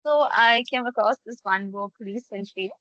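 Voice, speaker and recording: Bright-voiced young woman, enthusiastic student. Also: a little high, normal speed, no echo. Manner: enthusiastic, with many fillers. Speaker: literature student. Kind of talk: casual discussion. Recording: dull dry lo-fi sound.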